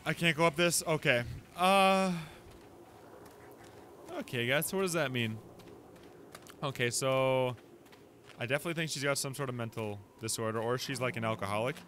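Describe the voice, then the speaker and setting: A man giving excitable gameplay commentary on a horror game, with loud reactions and jokes. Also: mid-range voice, normal speed, long pauses, faint music behind. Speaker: let's play host.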